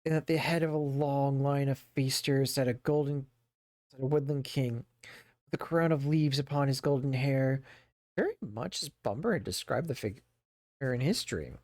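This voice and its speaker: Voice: mid-range voice, moderate pace, darkish tone, dry recording, clean studio sound. A streamer reading a book aloud to their chat, reading steadily but stumbling over words and breaking off for playful asides. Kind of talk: casual read-aloud storytelling with chatty asides. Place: home streaming setup.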